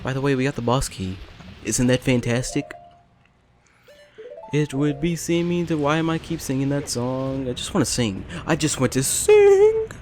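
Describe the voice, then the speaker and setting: A man's voice: medium pitch, normal speed, a little mellow, a little hiss or hum. Rambling self-mocking young man. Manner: self-deprecating, rambling, jokey. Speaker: gameplay commentator. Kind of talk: rambling let's play commentary.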